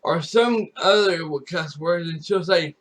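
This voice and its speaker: A man's voice: on the high side, unhurried, a bit bright. A man telling a story to his viewers in a casual, rambling way, restarting and repeating his phrases. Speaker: gaming YouTuber and streamer.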